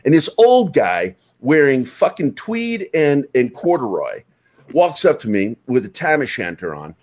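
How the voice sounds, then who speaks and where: A man's voice: medium pitch, measured pace. A man telling stories in a casual, profane chat. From United States. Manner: profane, animated storyteller.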